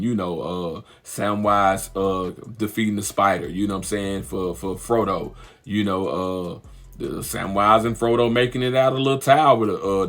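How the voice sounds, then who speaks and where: A young man giving an animated, slang-heavy fan commentary, repeating lines for emphasis. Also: fairly low pitch. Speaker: vlogger.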